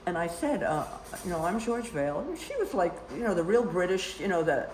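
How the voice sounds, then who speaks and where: Older woman, lowish voice, chatty rambling storyteller, roomy echoey sound. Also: lively intonation, a little fast, a little mellow, a little hiss or hum. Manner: rambling, full of "you know" asides. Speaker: storyteller guest. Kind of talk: casual storytelling. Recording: roomy echo.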